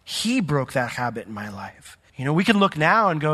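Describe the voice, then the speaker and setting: A man preaching a sermon as pastor, in a conversational way with joking asides and sudden jumps in pitch. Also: animated, normal speed, a bit bright, husky. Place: church sanctuary. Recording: long hall reverb.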